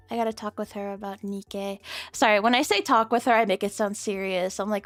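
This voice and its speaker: A young adult woman streaming, chatting casually with viewers, rambling and giggly, swearing freely and jumping into squeaky high bits. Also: fairly quick, dry recording, faint music behind.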